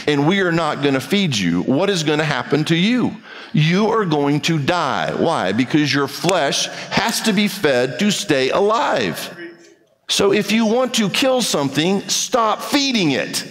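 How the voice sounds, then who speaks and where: High-pitched man, emphatic pulpit preacher, reverberant hall sound. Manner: emphatic preaching, repeats key phrases. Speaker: pastor. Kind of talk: sermon.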